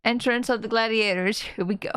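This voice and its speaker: A woman's voice: a little high, fairly even intonation, moderate pace, a bit bright, clear, resonant tone, dry recording, studio quality. A woman streamer giving playful, exclamatory commentary on a game playthrough. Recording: game music behind. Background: game music.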